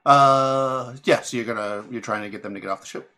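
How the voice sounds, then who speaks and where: A young man runs a tabletop game as its game master, describing the scene in a loose, rambling way. He keeps restarting his sentences and breaks into quick laughs. His voice sits at a middle pitch for a man. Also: pushed and bright.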